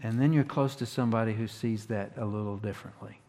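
A man's voice: lowish voice, quick pace, in a large hall. A man preaching a conversational sermon in a folksy, plainspoken way, restarting phrases and punching key words. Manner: folksy, plainspoken, restarts often, animated emphasis. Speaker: pastor.

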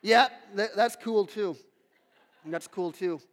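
A man preaching a sermon as pastor, telling stories with lively acted quotes and casual asides to the congregation. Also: sits high, slow pace. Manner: animated storytelling with acted quotes. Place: church hall. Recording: long hall reverb.

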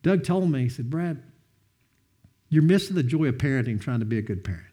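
A man sharing a personal testimony, earnest and heartfelt, often quoting others with lively bursts of emphasis. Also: medium pitch, a little fast, husky. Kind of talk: heartfelt storytelling talk.

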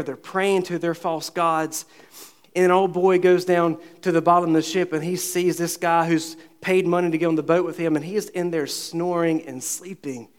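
A man preaching a sermon to his congregation, asking rhetorical questions and acting out the dialogue of the scripture story. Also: fairly high pitch. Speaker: pastor.

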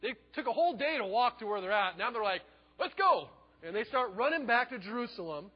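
Guy preaching, husky voice, kinda high, acts out all the quotes. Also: quick pace, big-room sound, dull audio. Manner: animated storytelling, acting out quotes. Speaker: pastor. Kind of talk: sermon.

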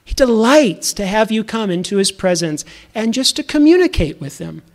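Male pastor, thirties, high voice, earnest conversational preaching. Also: big pitch swings, normal speed. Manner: earnest, conversational, repeats words when restarting. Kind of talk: sermon.

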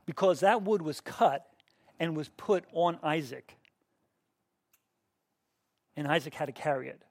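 Gravelly-voiced middle-aged man teaching a class. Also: fairly high pitch, measured pace, no room sound. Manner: conversational, questions the class, frequent restarts. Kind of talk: interactive Bible teaching.

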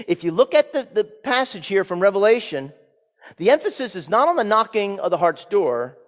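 A man pastor giving a sermon, swinging from loud emphatic peaks down to soft hushed lines. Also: high voice. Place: church sanctuary. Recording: church sanctuary with long reverb.

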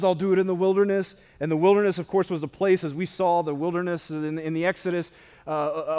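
High-voiced man preaching in a reverberant hall. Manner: conversational, animated preaching with asides. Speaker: pastor. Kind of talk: sermon.

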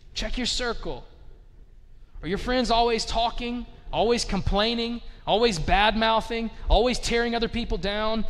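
A man's voice: high-pitched, fairly bright tone, long reverb tail. A man preaching a casual, conversational sermon, peppering his talk with "like" and asking the listeners rhetorical questions. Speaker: pastor.

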